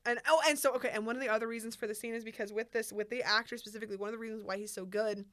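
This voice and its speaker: Podcast lady rambling excitedly about a movie, smooth clean voice, dry close sound. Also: fairly high pitch, dry recording. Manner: animated, rambling, quick bursts with laughs. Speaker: podcast co-host. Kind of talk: casual chat about a film.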